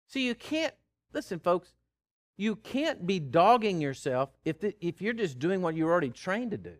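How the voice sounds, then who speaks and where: A man preaching with a slightly high voice. His delivery is animated, leaping up and dropping low in pitch, and he stammers through repeated words and chuckles as he goes. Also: a little fast. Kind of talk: sermon.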